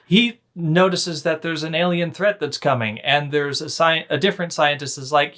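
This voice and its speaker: Joking man with a higher pitch. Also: moderate pace, hardly any pauses, sharp tone. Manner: joking, mock-quotes characters in silly voices. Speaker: podcast co-host. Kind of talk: casual movie review chat.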